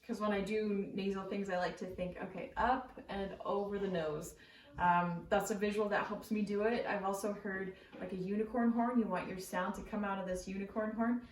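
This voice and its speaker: A woman's voice: mid-range voice, normal speed. Chatty woman teaching voice in an echoey room. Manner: relaxed, chatty explaining with frequent ums and likes. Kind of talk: casual spoken singing lesson. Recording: roomy echo from a distant mic.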